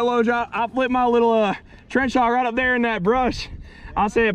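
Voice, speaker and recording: A young man hosting a fishing vlog outdoors, joking and excitable, shouting when a fish is on. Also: very high voice, normal speed, dull audio, slight background noise. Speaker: fishing video host. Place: outdoors on the water.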